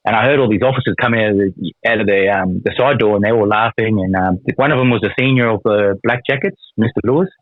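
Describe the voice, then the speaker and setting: A man's voice: on the low side, fast talker, few pauses, no room sound. An Australian man telling a prison story in a rambling, casual way, swearing a lot and using many fillers. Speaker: guest, former prisoner. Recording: tinny phone-like line.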